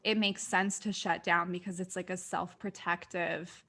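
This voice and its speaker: A woman's voice: on the low side, fairly even intonation, normal speed, sharp tone. Reflective woman co-hosting a talk. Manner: reflective, thinks aloud with many fillers. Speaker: co-host. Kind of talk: casual conversation.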